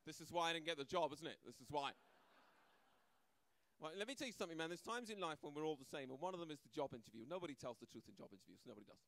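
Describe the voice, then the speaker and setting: A man's voice: a little high, expressive, rapid-fire, fairly bright tone, dry recording. A man performing a stand-up comedy set, brash and conversational, acting out voices and often asking "right?". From Britain. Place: comedy club stage, live audience.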